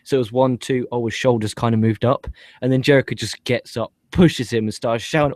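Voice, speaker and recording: A man talking wrestling on a podcast in a profane, rambling, excitable way. His voice sits at an ordinary middle pitch. The sound is dry and close, with no room around it. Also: fast talker, hardly any pauses, dry recording. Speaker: podcast co-host. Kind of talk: casual wrestling review chat.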